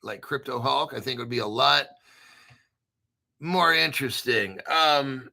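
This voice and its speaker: An American man hosting a casual commentary, brash and profane, joking around and often clearing his throat. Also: mid-range voice, measured pace, sharp tone. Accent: General American. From United States. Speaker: crypto video host. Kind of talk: casual commentary reading articles.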